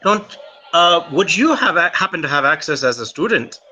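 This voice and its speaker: A man voicing a chatty, nosy Irish fellow in a tabletop game, with rambling, hesitant flattery. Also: mid-range voice, moderate pace, a little hiss or hum, pitched below the performer's own voice, close to an everyday voice. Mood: pleading. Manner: rambling, hesitant, fawning politeness. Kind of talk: tabletop role-play in character.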